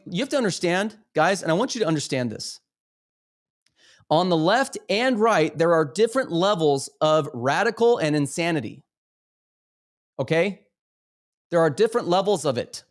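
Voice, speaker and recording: This livestream host speaks emphatically in an animated, slightly high voice at a moderate pace, with long pauses. His impassioned commentary is marked by stammering repetitions.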